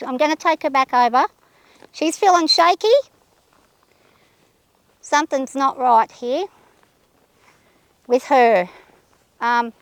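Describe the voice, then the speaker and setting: A woman riding a horse outdoors, talking her nerves out loud and soothing her mount in a casual vlog. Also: high-pitched, no room sound. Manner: anxious, thinking aloud, soothing her horse. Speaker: horse rider vlogger. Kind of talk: casual narration while riding. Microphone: camera held by a companion.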